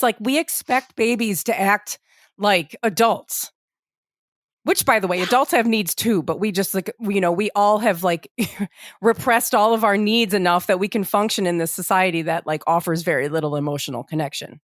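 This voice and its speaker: A woman's voice: mid-range voice, moderate pace, no room sound, clean studio sound. A woman co-hosting a podcast, explaining things earnestly and emphatically in casual chat. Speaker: podcast co-host.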